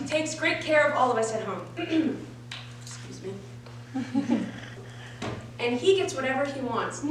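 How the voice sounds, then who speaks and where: High-voiced woman doing stand-up in an echoey room. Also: far from the mic. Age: 20s. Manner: profane, animated storytelling with frequent laughs. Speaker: stand-up comedian. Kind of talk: stand-up comedy set. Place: comedy venue stage. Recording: echoey live room, mic from afar. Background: audience.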